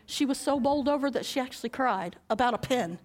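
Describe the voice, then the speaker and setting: A woman preaching a sermon, telling a personal story with lively acted-out dialogue and frequent laughter. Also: high-pitched, fast. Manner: animated storytelling, acting out dialogue, laughing often.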